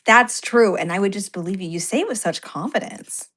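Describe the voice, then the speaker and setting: A young woman talks fast and freely, jumping into anecdotes and acting out what friends said. Her pitch sits in the middle of the usual range. It comes through a video call. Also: slightly rough. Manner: chatty, animated, quotes others in little voices. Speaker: co-host. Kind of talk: casual chat over a video call.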